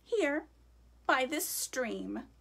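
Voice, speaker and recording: A sly little brown mouse from a picture book, cool-headed and quick with a tale, read aloud by a woman. The voice is soft and a touch breathy, the pace unhurried and the pitch swinging widely. It is told with calm assurance. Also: full character voice. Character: small clever brown mouse, calm and cunning.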